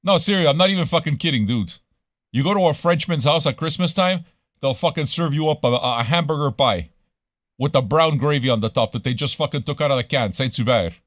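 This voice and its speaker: A man's voice: on the high side, fairly quick, a bit bright, no room sound, clean studio sound. A man from Montreal hosting a casual livestream radio show, talking in a profane, rambling way and dropping into French now and then. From Montreal, Canada.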